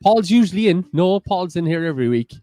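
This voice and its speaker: A man's voice: high voice, expressive, brisk, dark tone, no echo. A man with a Cork Irish accent co-hosting a livestreamed quiz, bantering and teasing his partner in casual chat. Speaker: quiz co-host.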